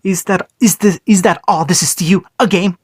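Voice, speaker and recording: A man voicing an enraged young male fighter with a hoarse voice. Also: high voice, steady tone, moderate pace, no echo, clean studio sound, pitched above the performer's own voice. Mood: angry.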